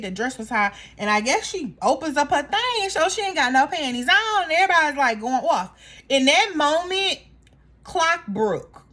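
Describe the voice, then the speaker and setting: A woman casually recapping a reality show in a gossipy, animated way, acting out the cast members' lines. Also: sits high.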